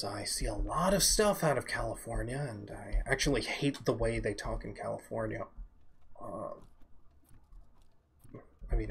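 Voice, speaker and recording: A young man from the American South giving halting, offhand commentary while streaming a game. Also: mid-range voice, gravelly, a little hiss or hum. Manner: halting, musing, offhand remarks. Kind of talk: casual gameplay commentary.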